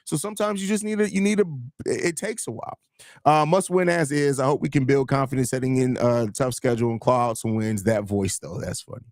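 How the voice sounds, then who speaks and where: A man's voice: medium pitch, steady tone, fairly quick, darkish tone, no room sound, clean studio sound. A man hosting a live sports stream, reading chat comments and arguing his points in casual commentary. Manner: reads and answers chat comments, argues points with restarts. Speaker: host of a live sports show.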